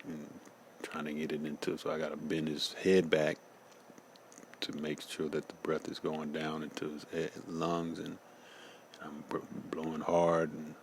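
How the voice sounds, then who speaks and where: A man's voice: a bass voice, fairly bright tone, a little hiss or hum. A man giving a casual personal testimony, slangy and loose, often saying "man" and "you know.".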